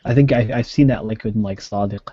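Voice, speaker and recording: A man with a lowish, mellow voice chats on a video call, packing his speech with "like" and fillers. The sound is dry and close, with dull lo-fi audio. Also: a little fast, no echo. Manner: chatty, filler-heavy, many likes. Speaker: co-host. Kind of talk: casual video-call discussion.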